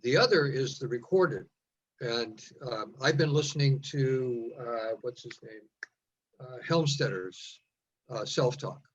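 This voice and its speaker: A man asking a question on a video call, halting and searching for words. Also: medium pitch, breathy edge. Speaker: caller. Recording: dull lo-fi call audio.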